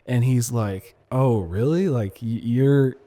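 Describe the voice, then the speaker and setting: A young man in a relaxed podcast interview, talking in a mid-range voice. He tells his story animatedly, laughing often and restarting his sentences, as a guest DJ from San Diego. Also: mid-range voice, slow. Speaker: guest DJ and producer.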